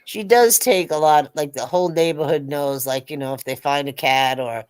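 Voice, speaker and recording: A woman with a notably low-pitched voice spins an animated anecdote in casual chat, cursing freely as she goes. Her delivery is lively and conversational. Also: moderate pace, clear, resonant tone. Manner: animated storyteller, swears freely. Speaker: co-host.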